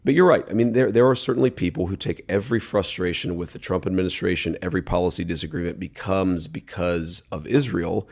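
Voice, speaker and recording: A man's voice: low voice, quick pace, hardly any pauses, a little mellow. A man conducting an interview, speaking earnestly with some restarts. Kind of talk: interview talk.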